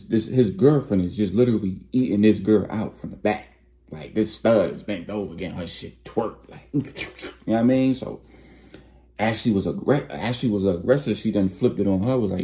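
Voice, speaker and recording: A man's voice: lowish voice, normal speed, dark tone. A man casually narrating a storytime in slangy, conversational talk, acting out the quotes.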